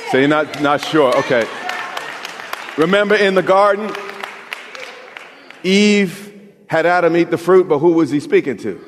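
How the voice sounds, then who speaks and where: A male pastor preaching a sermon, talking with his congregation conversationally and rising to emphatic shouts, recorded in a church sanctuary. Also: fairly high pitch. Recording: long reverb of a large hall.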